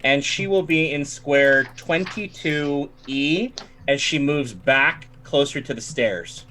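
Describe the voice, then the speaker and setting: A man running a tabletop game as game master, narrating the action and slipping into quick voices for the crowd. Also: fairly high pitch, slight background noise. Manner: animated, acts out crowd voices. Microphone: home mic on a livestream.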